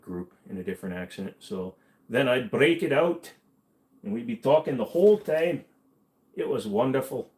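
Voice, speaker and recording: A man with a fairly low voice hosts a casual livestream chat. He rambles easily and jokes as he reads viewers' comments aloud and answers them. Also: a little mellow.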